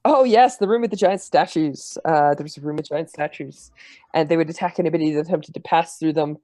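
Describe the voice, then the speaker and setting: A man serving as game master, recapping the last tabletop session in a halting, filler-heavy way. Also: a little high, mellow, no room sound.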